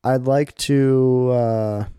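A man's voice: mid-range voice, fairly even intonation, slow, warm tone, clean tone, no room sound, clean studio sound. A man co-hosting a casual podcast, easygoing and hesitant as he thinks aloud. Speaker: podcast co-host.

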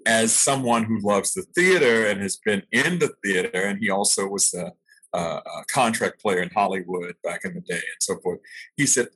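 A man's voice: lowish voice, normal speed, fairly bright tone, husky, poor audio. An older man, an actor being interviewed, telling stories of his early training, reflective and laughing at himself now and then. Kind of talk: storytelling in an interview.

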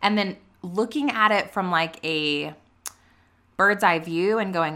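A woman vlogging casually about her faith, chatty and earnest, full of "like" and "you know", reading scripture aloud with quick personal reactions. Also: on the low side, pushed and bright. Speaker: vlogger sharing a faith and business update. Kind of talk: casual faith vlog talk.

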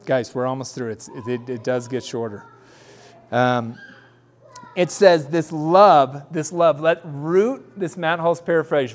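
A man preaching a sermon in a casual, animated storytelling way, acting out bits of dialogue. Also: a little high, unhurried. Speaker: pastor.

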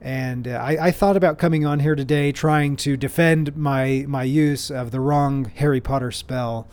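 A man's voice: medium pitch, steady tone, normal speed, a little mellow, clear, resonant tone. A man hosting his own show, chatting casually and rambling with lots of restarts and playful self-mocking humor. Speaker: podcast host. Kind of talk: casual solo storytelling.

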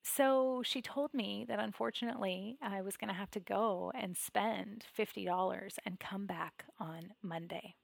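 A woman podcast guest tells a personal story candidly and emotionally, packing in "like" and "you know" and swinging between hushed and loud passages. Her medium-pitched voice is gravelly and unhurried, with few pauses and no echo.

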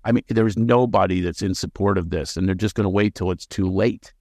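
A man talking as a podcast guest, animated and quick with sarcastic jokes. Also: sits low, no echo, clean studio sound. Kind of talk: podcast interview conversation.

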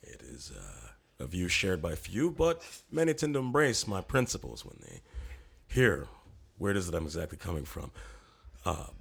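A man putting on a pompous gravelly philosopher-coach. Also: low-pitched, huge pitch swings, normal speed, a bit bright, pitched below the performer's own voice, full character voice. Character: pompous self-serious male comedy character, coach.

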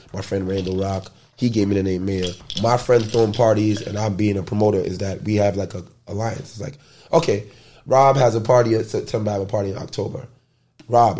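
A man's voice: fairly low pitch, a little hiss or hum. A man from the Bronx, telling loose, slangy stories as an interview guest. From the Bronx, New York. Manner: loose, animated storytelling with slang and profanity. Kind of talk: casual storytelling interview.

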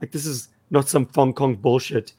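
A man with a croaky, slightly worn voice, talking casually as a podcast co-host. He tells his stories with enthusiasm, at an average pitch for a man. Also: moderate pace, warm tone.

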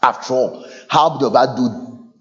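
A man preaching a sermon in an animated way, dropping to low asides and then rising to high shouts. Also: measured pace, lo-fi sound.

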